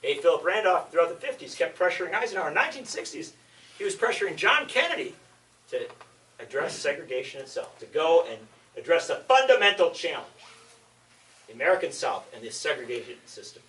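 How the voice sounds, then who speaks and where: A man's voice: fairly high pitch, big pitch swings, brisk, a bit bright, recorded from a distance, poor audio. A man giving a public talk, telling history as an impassioned, emphatic storyteller.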